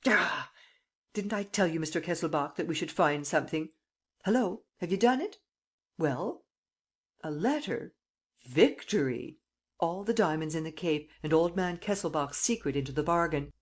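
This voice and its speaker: A woman reading an audiobook, voicing a suave, teasing male gentleman thief who gives brisk commands. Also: deep voice, expressive. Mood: triumphant.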